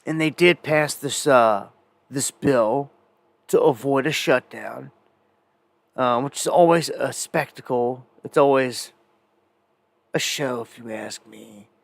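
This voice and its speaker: A man's voice: mid-range voice, slow pace, vocal fry, pauses often, no echo. A man hosting a live independent news show, talking in a rambling, conversational way with many fillers and restarts. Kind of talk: casual live news commentary.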